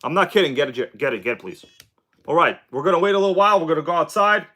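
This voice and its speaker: A man hosting a casual live stream, chatting excitedly with viewers and reading their comments aloud. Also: a little high, rapid-fire. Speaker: RC car livestream host.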